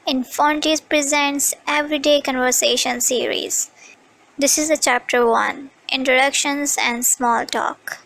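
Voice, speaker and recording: A woman narrating a scripted English lesson, explaining phrases slowly and carefully. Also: high-pitched, fairly even intonation, vocal fry, a bit bright, rough recording. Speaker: English teacher.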